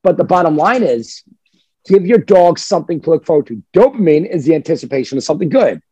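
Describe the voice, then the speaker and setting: Husky man, slightly high voice, dog trainer, casual emphatic podcast talk, dry sound. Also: animated, quick pace, dark tone, no echo, lo-fi sound.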